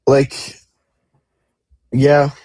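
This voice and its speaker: A man's voice: medium pitch, completely flat delivery, very slow, dark tone, dry recording, clean studio sound. A young man co-hosting a casual sports podcast, talking in a chatty way and often restarting his sentences. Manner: chatty, with frequent restarts and fillers. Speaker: podcast co-host. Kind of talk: casual chat.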